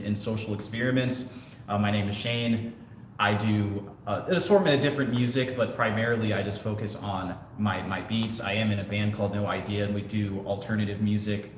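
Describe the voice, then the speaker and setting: A man co-hosting a casual livestream talk show, chatting earnestly and easily with his co-host. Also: on the low side. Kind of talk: casual livestream chat reading comments. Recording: echoey room with faint noise.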